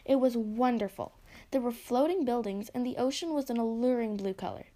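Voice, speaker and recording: A woman's voice: fairly high pitch, fairly quick. Woman narrating a story aloud. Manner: expressive first-person narration.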